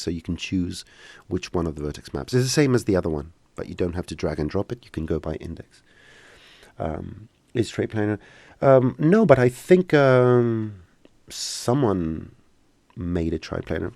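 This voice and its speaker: Low gravelly man. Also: a little mellow, no echo. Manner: casual, joking, hesitant with many fillers. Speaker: software instructor. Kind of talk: live-streamed tutorial Q&A.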